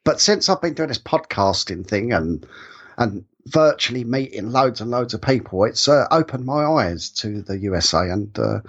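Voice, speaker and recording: A man's voice: mid-range voice, animated, normal speed, fairly bright tone, dull audio. A man with a London accent, chatting as a podcast guest and often stammering and restarting. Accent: London English. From England. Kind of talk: casual podcast chat.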